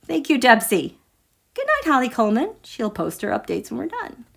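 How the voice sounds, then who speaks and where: Animated woman hosting a chatty livestream. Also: on the high side, moderate pace, vocal fry, husky. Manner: animated, emphatic, talks straight to her viewers. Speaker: tarot and astrology livestream host. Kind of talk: casual livestream chat reading viewer comments.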